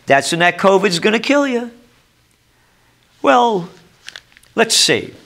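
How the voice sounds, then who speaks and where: A trend forecaster, an older man with a thick New York accent, rants sarcastically and emphatically, his slightly high, bright, forceful voice hammering every point home. His intonation is lively, his pace slow, and he pauses often.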